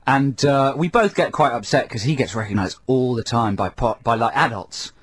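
A man's voice: medium pitch, normal speed, slightly rough, dry recording. A man co-hosting a radio show, teasing his partner in dry, casual banter. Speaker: radio co-host.

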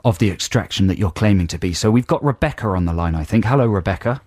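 A man's voice: on the low side, expressive, quick pace, a little mellow, no room sound. A man presenting a radio show, teasing and dry as he talks to callers. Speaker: radio co-host.

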